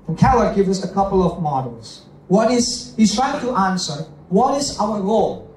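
A man's voice: high voice, sing-song, moderate pace, a little mellow, slight background noise. A man preaching a sermon as a pastor, emphatic, repeating words for stress and switching between English and Indonesian. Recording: echoey hall, mic from far off.

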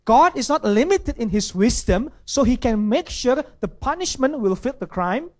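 A man's voice: very high voice, expressive, moderate pace, a little mellow. Pastor, questioning his flock. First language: Indonesian. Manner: checks in with the audience through rhetorical questions. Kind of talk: sermon.

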